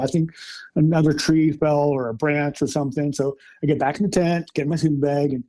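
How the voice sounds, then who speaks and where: A middle-aged man casually telling an excited story about a camping trip with his family. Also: fairly high pitch, a little fast. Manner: animated, excited retelling with acted quotes. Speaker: storyteller recounting a camping encounter.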